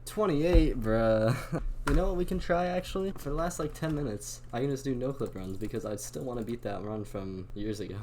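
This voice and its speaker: A young man giving excitable, slangy commentary on his own gameplay and talking to himself as he plays. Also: medium pitch, moderate pace. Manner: excitable, slangy, talks to himself while playing. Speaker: gaming channel host. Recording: loud clicking and keyboard noise. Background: constant mouse and keyboard clicks.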